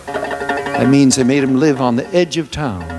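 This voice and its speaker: A man telling a folk tale to a ukulele, animated, with sung refrains and vocal sound effects. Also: medium pitch, unhurried, over music. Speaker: storyteller. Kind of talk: folk tale told to music.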